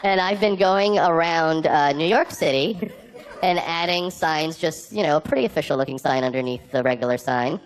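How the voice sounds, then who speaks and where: A man's voice: on the high side, normal speed. A man doing a stand-up comedy set, telling rambling anecdotes full of "like" fillers. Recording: noisy live recording with clicks.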